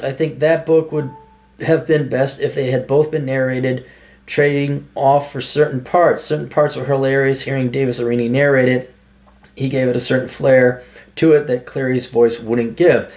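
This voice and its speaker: A man's voice: mid-range voice, fairly even intonation, moderate pace, a little mellow. A man hosting his own show, reading out listener comments and answering them in a sarcastic, rambling, self-mocking way. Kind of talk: casual solo commentary.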